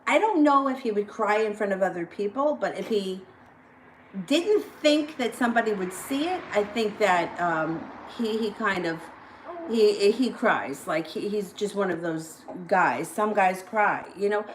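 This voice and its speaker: A woman's voice: medium pitch, expressive, unhurried, slight background noise, rough recording. A woman giving casual live-stream tarot readings, blunt and plain-spoken, swearing freely between cards. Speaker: tarot reader.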